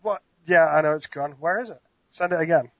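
A man with a British accent guests on a casual podcast, answering in a laid-back, laughing way. His voice is slightly high and husky. The recording sounds dry and a little dull. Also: a little fast. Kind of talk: casual chat.

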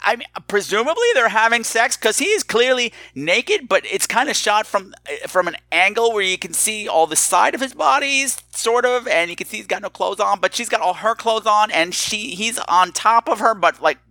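A man hosts his own podcast in a theatrical, teasing monologue, his voice lively and swooping. It rings bright and forward. The recording is dry and close, with no room sound. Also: high-pitched, normal speed, hardly any pauses, no echo. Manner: animated and theatrical, mock-menacing. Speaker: podcast host.

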